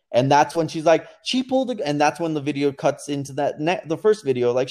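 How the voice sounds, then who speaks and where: A man's voice: a little high, brisk, hardly any pauses. A man co-hosting a casual talk show, telling a story and acting out quotes as he goes. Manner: animated storytelling, acts out quotes. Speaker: podcast co-host. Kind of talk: casual commentary chat.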